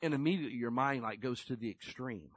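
A man preaching a conversational sermon, folksy and animated, acting out little scenes as he tells stories. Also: mid-range voice, quick pace, dry recording. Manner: folksy, animated storytelling with acted-out quotes.

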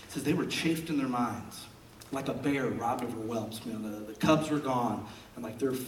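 A man preaching a sermon as a pastor, an animated storyteller who jokes as he talks, recorded in a church sanctuary. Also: mid-range voice, normal speed, slight background noise. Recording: roomy and distant from the mic.

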